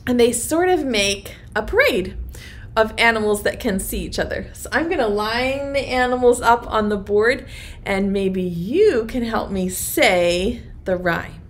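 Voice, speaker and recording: A woman's voice: fairly high pitch, lively intonation, unhurried. A woman, a preschool teacher, leading an online circle time and reading a rhyming picture book to small children in a sing-song voice.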